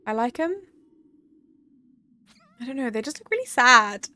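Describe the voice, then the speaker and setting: A woman's voice: on the high side, expressive, measured pace, pauses often, sharp tone. A young woman chatting casually on a live game stream, rambling and giggling as she talks to her viewers. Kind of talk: casual live-stream chat while gaming.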